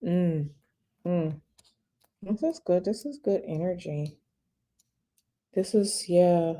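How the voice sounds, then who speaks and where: A woman's warm, lowish voice moves slowly as she gives a tarot reading on a live stream. She reads questions from viewers out loud and answers them straight, chatting conversationally and repeating phrases for emphasis.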